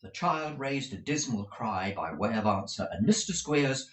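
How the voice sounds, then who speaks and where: A man reading a classic novel aloud as an audiobook narrator, slow and expressive. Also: mid-range voice, roomy sound. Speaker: audiobook reader. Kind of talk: scripted narration.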